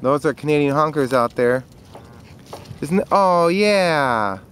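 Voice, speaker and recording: A man narrating a casual home video outdoors in a riverside park, chatting in a rambling way and calling to his dog in a high voice, recorded on a handheld camcorder. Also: lively intonation, slow, fairly bright tone. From Minnesota. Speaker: dog owner filming outdoors. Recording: faint outdoor noise.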